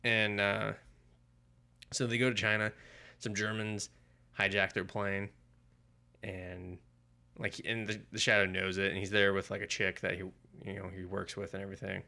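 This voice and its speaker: A man's voice: on the low side, flat delivery, moderate pace, vocal fry, pauses often, sharp tone. A man co-hosting a podcast, chatting casually and retelling a comic's plot in a rambling, profane way full of filler words. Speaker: podcast co-host. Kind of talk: casual chat reviewing comics.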